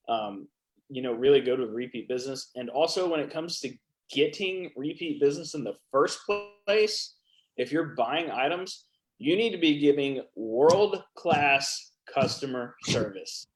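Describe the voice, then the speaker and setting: A man's voice: mid-range voice, rough recording. Man hosting a show, talks straight to viewers as "guys", coaching tone. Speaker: host. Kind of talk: casual interview and coaching talk.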